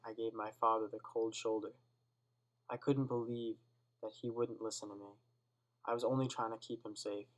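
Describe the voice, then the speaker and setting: A teenage boy reading a dark first-person school story aloud in a steady, subdued way. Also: medium pitch, rough recording. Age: teens. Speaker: student reader.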